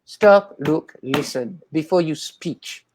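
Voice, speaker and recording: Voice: medium pitch, lively intonation, slow pace, darkish tone, dry recording. A guest in a casual interview, telling rambling anecdotes and acting out the voices of people in the stories. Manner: acts out quoted voices.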